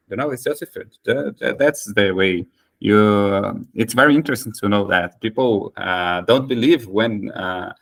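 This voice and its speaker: A man leading a casual English practice conversation, speaking haltingly with many fillers, Portuguese his first language. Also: fairly low pitch, a bit bright. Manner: hesitant, many fillers and restarts. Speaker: conversation host.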